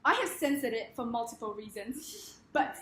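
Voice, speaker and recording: A woman giving a comedic presentation in a wry, deadpan manner. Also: on the high side, moderate pace, echoey room, slight background noise.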